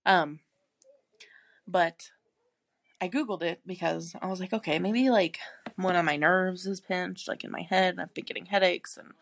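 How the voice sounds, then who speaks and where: Woman, gravelly voice, blunt casual chat, swears a lot, dry close sound. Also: on the low side, normal speed, pauses often, no echo. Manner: blunt, swears freely, laughs often. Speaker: podcast co-host; married mother.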